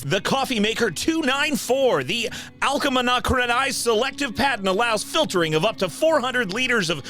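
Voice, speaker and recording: A man's voice: very high-pitched, pushed and bright. A man voicing a spoiled, smug rich young man with a lazy drawl.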